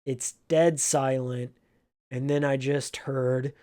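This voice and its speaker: His mid-range voice has a flat delivery as he recounts an emotional memory from his old game store job. It's a casual vlog, and he tells the story slowly, earnestly, and from the heart.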